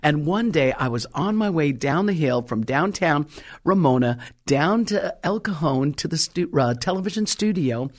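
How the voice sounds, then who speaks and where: Woman preacher, middle-aged, telling her story big, slows way down on the scripture bits. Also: deep voice, expressive. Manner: emphatic, stretches key words slowly. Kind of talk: storytelling sermon.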